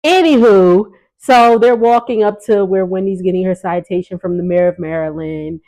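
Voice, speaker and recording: A woman's voice: on the low side, a little slow, dark tone, poor audio. A woman vlogger talks through a reality show episode from the sitting area of her home kitchen. She is chatty and sassy, breaking into laughs as she goes. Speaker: recap vlogger. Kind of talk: casual reality TV recap.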